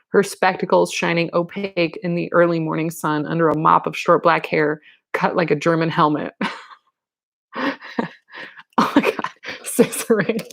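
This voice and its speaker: A woman's voice: on the low side, creaky. A young woman reading a book aloud and breaking off into casual, laughing commentary and exclamations. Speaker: reader and commentator.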